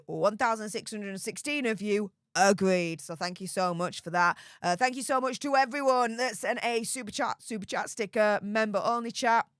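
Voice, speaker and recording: A young English woman hosting a live stream, rambling in a chatty, excitable way with plenty of fillers and mild cursing. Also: fairly high pitch, clear, resonant tone, no room sound, clean studio sound. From Yorkshire, England. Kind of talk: casual live stream chat.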